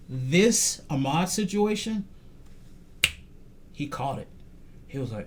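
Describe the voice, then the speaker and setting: A man's voice: high-pitched, animated, slow pace, pauses often, slight background noise. A man talking casually on a podcast, telling a story with energy and dropping his voice to quote others. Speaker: podcast host. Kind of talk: casual conversation.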